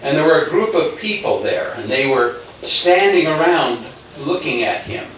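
A man's voice: on the high side, expressive, normal speed, a bit bright. A man telling a story in a sermon-like way, acting out what people said and chuckling along. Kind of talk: preached storytelling. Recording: very echoey hall, distant mic, faint noise.

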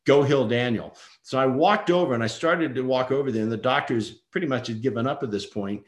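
A man's voice: mid-range voice, fast, echoey room. A middle-aged man earnestly telling a personal story as a father, acting out the voices of people in it. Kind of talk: emotional personal testimony.

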